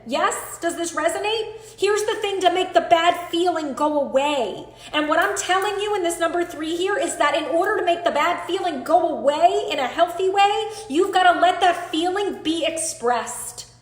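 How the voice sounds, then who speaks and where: A woman's voice: extremely high pitch, echoey room. A woman in her thirties leading a live online coaching class, earnest and emphatic as she talks straight to the group.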